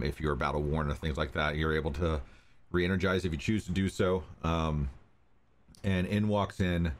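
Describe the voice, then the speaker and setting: A man narrating as game master of a tabletop game, relaxed and full of ums and uhs. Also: very deep voice, a little hiss or hum.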